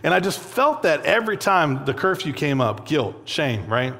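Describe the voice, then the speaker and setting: A young man preaching in a relaxed, chatty way, his voice sitting a touch high for a man. He tells a story with plenty of fillers and short laughs, and a long hall reverb trails behind his words. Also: normal speed. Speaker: pastor. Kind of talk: sermon.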